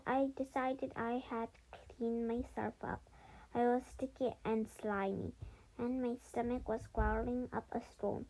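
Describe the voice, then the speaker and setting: A woman reading a children's storybook aloud, halting often and correcting her own slips as she goes. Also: a little high, gravelly, warm tone, poor audio. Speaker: storybook reader.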